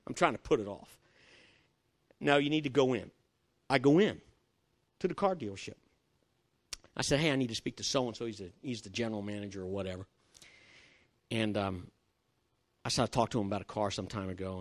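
A man's voice: fairly low pitch, brisk, long pauses. An older man preaching, telling a personal story with acted-out dialogue and chuckles. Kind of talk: sermon with personal testimony story.

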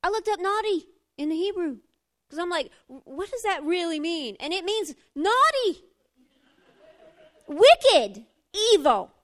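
A woman preaches with a high, bright-pitched voice, close to tears. She is expressive and confessional, swinging from loud declarations to hushed admissions. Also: measured pace. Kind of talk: emotional sermon.

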